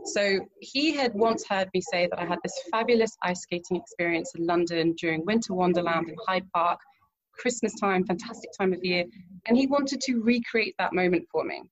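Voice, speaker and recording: A woman guest in an interview, telling a lively anecdote and acting out what people said, laughing often. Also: fairly low pitch, moderate pace, highs cut off. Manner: animated anecdote with acted-out quotes, laughs often. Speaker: guest, romance event planner. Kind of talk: storytelling in an interview.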